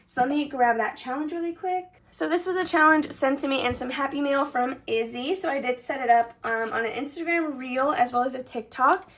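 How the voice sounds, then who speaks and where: A woman's voice: sits high, gravelly, a bit bright. A young woman casually vlogging her savings challenges, chatty and full of fillers, her sentences trailing up at the end. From Texas. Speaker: budgeting vlogger.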